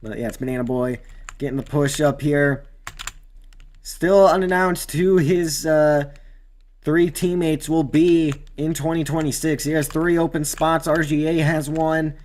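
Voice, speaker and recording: A man's voice: a little high, fairly even intonation, a little slow, a little mellow. A man casually commenting while racing in a video game, rambling with fillers and bursting out at near-crashes. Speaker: gamer doing race commentary.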